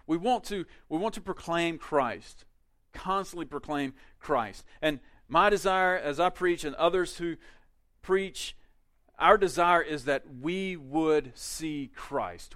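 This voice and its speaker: A male pastor preaching a sermon in a conversational way, with quick asides and emphatic peaks. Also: on the high side, expressive, fairly bright tone.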